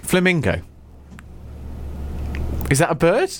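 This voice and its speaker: A man's voice: fairly high pitch, wildly swooping pitch, slow, fairly bright tone, a little hiss or hum. A young man co-hosting a podcast, answering quiz questions in a playful, silly way. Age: young adult. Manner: playful and silly, jokey asides. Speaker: podcast co-host. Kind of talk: casual chat, answering a quiz.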